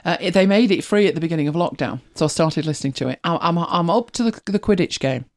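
She's a fast talker with a voice on the low side and lively intonation. A middle-aged woman from Manchester, England, with a mild accent, she casually hosts, rambling, laughing often and reading listener comments.

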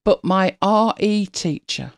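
A woman's voice: mid-range voice, animated, slow, creaky, dry recording. A middle-aged woman chatting casually as a podcast co-host, laughing often and telling stories with animation. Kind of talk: casual chat.

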